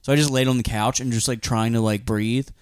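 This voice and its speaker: A man's voice: mid-range voice, fairly even intonation, brisk, clear, resonant tone, no room sound. A man with a Philadelphia-area accent rambles through his stories in casual podcast chat. He laughs often and acts out what everyone said. The sound is dry and close, with no room around it. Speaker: podcast co-host.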